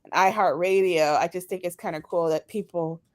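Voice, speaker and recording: A woman's voice: on the low side, steady tone, moderate pace, no room sound, studio quality. A woman co-hosting a podcast in casual chat, talking with lots of fillers and laughs. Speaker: podcast co-host.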